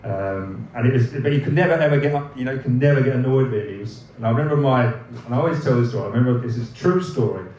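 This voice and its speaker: A man's voice: mid-range voice, quick pace, few pauses, darkish tone, a little hiss or hum. A man in his fifties, a former footballer, telling rambling, laughing anecdotes at a live evening event, swearing freely and restarting his sentences. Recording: roomy echoing room, mic at a distance, faint ambience.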